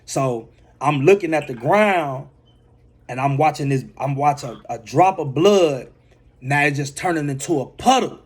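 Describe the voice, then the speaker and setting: A man's voice: a little high, animated, normal speed, breathy edge. A man, a motivational speaker, telling a personal testimony and repeating phrases for emphasis.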